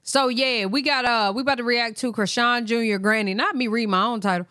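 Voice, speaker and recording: A woman's voice: a little high, brisk, hardly any pauses, no echo, clean studio sound. A woman hosting a casual reaction stream, chatty and addressing viewers directly. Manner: chatty, animated, talks to viewers. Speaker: reaction host.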